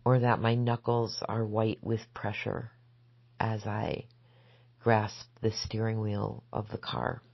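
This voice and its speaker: A woman and spiritual teacher giving a gentle, measured spoken reflection that sometimes sinks into soft whispers. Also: extremely low pitch, flat delivery, gravelly, slightly rough, dry recording, lo-fi sound. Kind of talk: slow reflective spoken essay.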